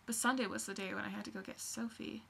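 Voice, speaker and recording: A woman's voice: mid-range voice, steady tone, fast talker, creaky, fairly bright tone, a little hiss or hum. A young woman rambling in a casual vlog, gushing and scattered, full of fillers. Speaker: vlogger.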